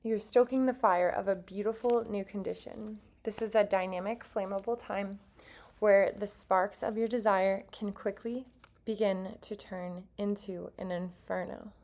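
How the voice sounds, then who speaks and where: A woman reads tarot cards for an online audience, mixing passages from her card book with her own chatty, earnest asides. Her voice sits at a middling pitch with a noticeable gravelly fry running through it. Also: fairly even intonation, a little slow, a little mellow. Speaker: tarot reader. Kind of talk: casual tarot reading to viewers.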